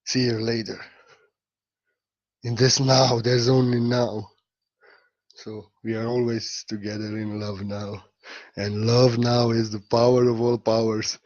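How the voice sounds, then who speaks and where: A man giving a gentle, rambling spiritual talk in halting, non-native English. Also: medium pitch, highs cut off. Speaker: spiritual teacher.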